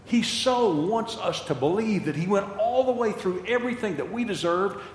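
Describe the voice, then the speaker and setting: Older male preacher, impassioned sermon, lively rise and fall, big echoey hall with a long tail. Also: high voice, normal speed, slight background noise. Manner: impassioned, repeats phrases for emphasis.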